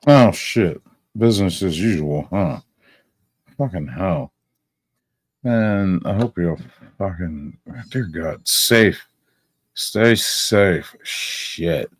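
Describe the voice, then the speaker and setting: A deep-voiced man hosts a live stream and reacts in loose, profane chat. His voice is gravelly and husky, with lively swings in pitch. He talks slowly, and the sound is close and dry. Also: no echo. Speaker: stream host.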